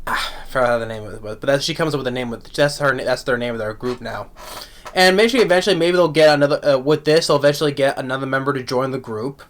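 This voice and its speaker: A man giving a casual spoken anime review, halting with many restarts and repeated words, laughing often. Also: mid-range voice. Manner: laughs often while talking.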